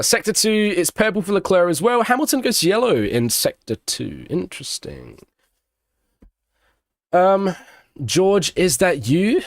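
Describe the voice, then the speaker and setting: Young male streamer, casual race commentary, slightly high voice, dry close sound. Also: no room sound. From Australia. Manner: chatty, banters with chat between race calls. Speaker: streamer doing live watch-along commentary.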